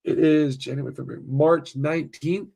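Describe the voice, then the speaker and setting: A man hosting a livestream in casual chat, talking excitably, swearing a lot and restarting his sentences. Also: a little high, normal speed, gravelly, slightly rough. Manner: profane and excitable, heavy restarts. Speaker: livestream host.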